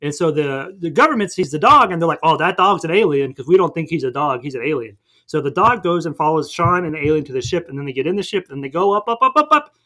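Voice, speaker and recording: A man in goofy, fast comedy-podcast mode, hurtling through a cartoon plot. His voice sits a little high and bright, with a forceful edge, and he keeps breaking into silly character voices. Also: animated. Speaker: podcast co-host. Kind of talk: casual comedic movie recap.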